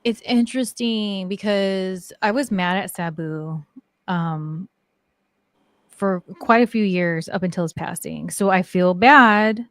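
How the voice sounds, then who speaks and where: A woman's voice: medium pitch, slow, a bit bright, no echo. A middle-aged woman, a guest on a talk show, telling personal stories casually, full of "like" fillers. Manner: chatty, many "like" fillers. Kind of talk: casual storytelling interview.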